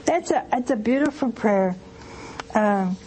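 Slow-spoken older nun teaching. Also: female voice, fairly high pitch, animated, warm tone, a little hiss or hum, rough recording. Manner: slow, earnest, rousing rhetorical questions. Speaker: nun hosting a call-in TV show. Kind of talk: televised devotional teaching with call-in.

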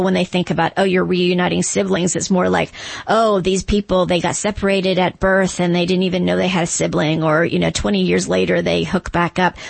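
A woman's voice: on the low side, vocal fry, dry recording. A woman co-host reflecting on a guest's story and asking follow-up questions in a casual interview. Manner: warm affirming, reflective. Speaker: podcast co-host.

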